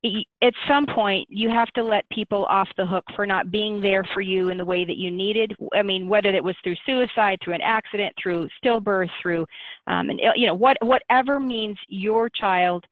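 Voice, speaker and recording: Gentle woman on a tinny phone line. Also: mid-range voice, no echo. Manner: gentle, measured, with frequent pauses and fillers. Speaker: guest speaker. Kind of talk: webinar conversation.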